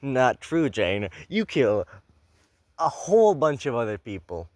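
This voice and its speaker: A man's voice: mid-range voice, sing-song, unhurried, darkish tone, no echo. A man reading a story cold and stopping often for sarcastic, swearing asides. His voice sits in a middle range for a man and is recorded dry and close, with no room sound. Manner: sarcastic, profane, rambling asides. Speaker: channel host reading a horror story. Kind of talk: blind reading with comedic commentary.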